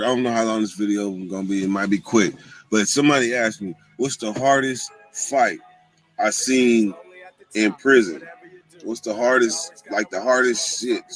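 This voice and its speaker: A man tells a prison story in a casual vlog, full of profanity and voicing other people in a high pitch. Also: fairly even intonation, normal speed, a bit bright, faint music behind, poor audio. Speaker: vlogger, former prisoner.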